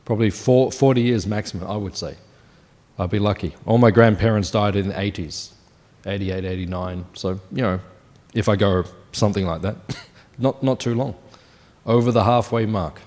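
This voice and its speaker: A man in his fifties gives a scripture class in a temple hall. His voice sits fairly low. He speaks loosely and conversationally, and he often turns questions to the room. The sound rings with a long hall reverb. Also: moderate pace, darkish tone. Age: 50s. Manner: conversational, asks the audience questions.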